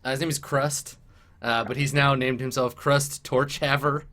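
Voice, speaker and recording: A man's voice: mid-range voice, level tone, moderate pace, noisy background. A man narrating as game master of a tabletop game, rambling with many fillers. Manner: rambling, full of fillers and laughs.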